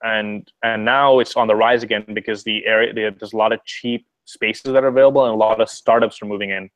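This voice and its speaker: A young man from Montreal talks fast in a rambling, profane live-stream chat, full of filler words. His voice sits a little low. The sound is dry and close. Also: steady tone, a bit bright, no room sound, low-quality recording. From Montreal, Canada. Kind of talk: casual chat.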